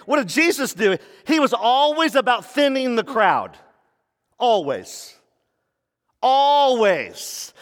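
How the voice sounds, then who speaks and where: A male pastor gives a lively sermon, slipping into quick mock voices and joking asides. His voice is fairly high for a man, and a long reverb makes it sound like a big hall.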